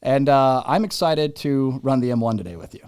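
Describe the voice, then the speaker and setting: A man hosting a podcast, talking in a rambling, jokey way. His pitch swings up and down a lot, and he keeps filling gaps with ums and uhs. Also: animated, a little fast, darkish tone, clear, resonant tone. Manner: rambling, filler-heavy, jokey. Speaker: podcast host. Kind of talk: casual podcast chat.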